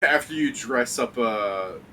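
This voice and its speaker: A man's voice: medium pitch, animated, slow, sharp tone, slight background noise, rough recording. A man running a tabletop game stream, chatting in a rambling way and laughing often as he loses his train of thought. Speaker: game master. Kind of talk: casual chat during a tabletop game stream.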